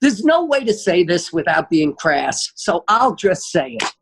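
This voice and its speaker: A man, a comedian guest, telling a wild story in a punchy, profane, animated way. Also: high-pitched, a little slow, creaky, slight background noise. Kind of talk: comic storytelling.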